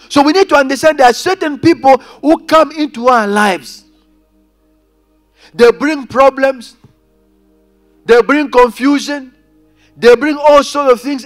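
Man, pastor, sermon, very high voice, soft music underneath. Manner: preaching with rising and falling intensity, addressing congregation directly. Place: church.

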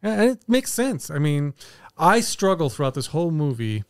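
Male podcast co-host, fairly high and smooth voice, dry close mic, speculative and questioning in casual film chat. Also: normal speed, no room sound. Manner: animated, speculative, poses questions. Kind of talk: casual movie review chat.

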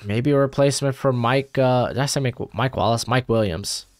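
A man's voice: mid-range voice, moderate pace, no echo, soft background music. A young man hosting a mock draft video, chatting casually as he thinks aloud, rambling and correcting himself. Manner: rambling, self-correcting, animated. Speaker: YouTube mock draft host. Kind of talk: casual live commentary.

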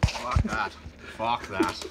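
Terse crude man over loud noise. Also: lowish voice, fairly even intonation, slow. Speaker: contestant. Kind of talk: casual chat.

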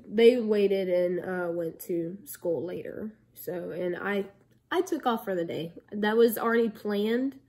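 A woman's voice: lowish voice, warm tone. A young woman telling a rambling story to camera, full of likes and ums. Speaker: vlogger.

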